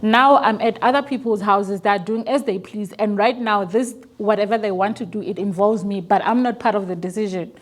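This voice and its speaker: A woman's voice: mid-range voice, brisk, hardly any pauses. A young woman telling a painful personal story as an interview guest, earnest and emotional, sometimes stumbling and repeating her words. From South Africa.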